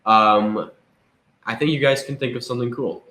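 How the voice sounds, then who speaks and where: A man's voice: medium pitch, moderate pace, sharp tone. A man co-hosting a casual live-streamed chat, dry and teasing. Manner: dry, teasing, laughs often. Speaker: co-host. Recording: echoey room.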